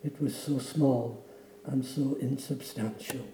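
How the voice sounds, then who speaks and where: A man's voice: medium pitch, fairly even intonation, slow, warm tone, reverberant, a little hiss or hum, poor audio. A man preaching a sermon in a church, telling a story dramatically and then leading a solemn prayer. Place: church sanctuary.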